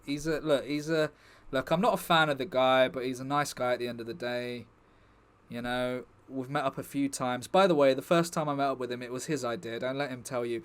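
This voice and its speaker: A young man chatting casually to his stream viewers, rambling and joking with the chat. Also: mid-range voice.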